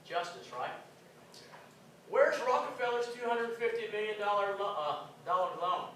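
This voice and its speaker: A man's voice: high voice, lively intonation, normal speed, pushed and bright, a little hiss or hum. A man giving an emphatic conference lecture, firing rhetorical questions at the audience. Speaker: conference speaker. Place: conference hall. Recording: echoey hall, distant mic.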